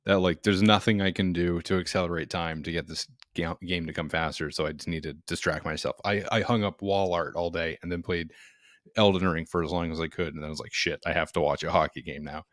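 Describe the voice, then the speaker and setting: A man co-hosting a sports podcast, talking in a rambling, animated way and laughing often. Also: sits low, a little fast, no echo, clean studio sound. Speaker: podcast co-host. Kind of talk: casual sports chat.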